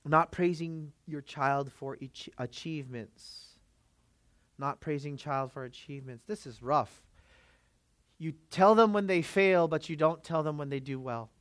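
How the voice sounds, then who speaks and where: Male preacher of Filipino background, emphatic sermon delivery, slightly high voice, dry close sound. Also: unhurried, no echo. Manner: emphatic, rhetorical questions to the congregation. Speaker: pastor.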